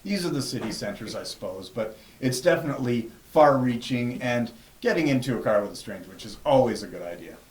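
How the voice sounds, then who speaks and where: A relaxed man hosting a casual radio chat, dry-humoured and a little hesitant as he gathers his thoughts. His pitch rises and falls expressively, and the room around him rings with echo. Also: a little fast, hardly any pauses. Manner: relaxed and wry, hesitant restarts. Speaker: radio host. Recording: echoey room.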